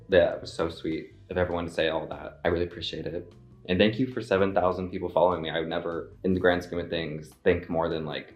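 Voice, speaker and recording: A young man chatting casually to camera as a vlogger, rambling with lots of fillers. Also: deep voice. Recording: echoey room with faint music.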